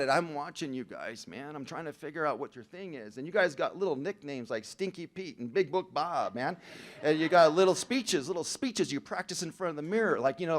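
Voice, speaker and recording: Slangy, joking man telling his story. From Southern California. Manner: slangy, joking, calls the crowd "bro" and "man"; swings from low hush to loud shouting. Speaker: recovery meeting speaker. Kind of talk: storytelling talk to a live audience. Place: large hall before an audience.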